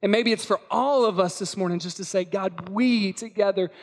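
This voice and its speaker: A man's voice: sits high, fast talker. A man preaching a sermon as pastor at a church service, emphatic and repetitive, full of rhetorical questions.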